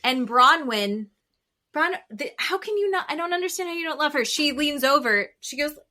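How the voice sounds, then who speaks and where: A woman co-hosting a casual podcast recap, animated and swearing freely as she acts out quotes. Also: sits high, moderate pace. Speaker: podcast co-host.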